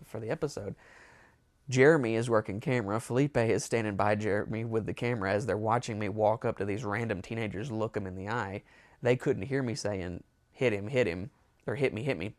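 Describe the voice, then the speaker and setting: A man's voice: on the low side, brisk, no room sound, clean studio sound. A man telling a rambling, amused story in a casual storytime monologue. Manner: rambling, amused, with self-corrections. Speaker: storyteller, show host.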